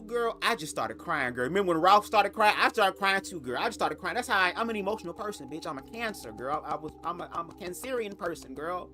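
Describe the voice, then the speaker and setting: A sassy young man spilling a story to his viewers, cursing freely and leaning hard on every punchline. His pitch leaps up and drops low all the time, lively and expressive, with soft music faintly under him. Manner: profane, sassy, emphatic with big pitch swings. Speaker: storytime vlogger. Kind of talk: casual storytelling to camera.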